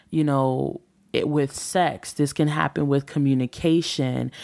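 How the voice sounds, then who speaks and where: Woman in her thirties, gravelly vocal fry, candid rambling monologue, earnest and reflective. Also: rumbling low, darkish tone.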